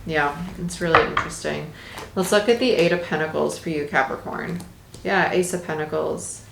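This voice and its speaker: Woman tarot reader, lowish voice, chatty and emphatic, recorded in an echoey room. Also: normal speed, vocal fry, heavy background noise. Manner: chatty, emphatic, laughs often, repeats phrases. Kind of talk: casual tarot reading.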